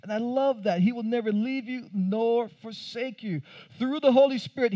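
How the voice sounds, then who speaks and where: A pastor giving a conversational sermon, asking the congregation questions and adding light humor. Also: male voice, extremely high pitch, moderate pace, mellow. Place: church.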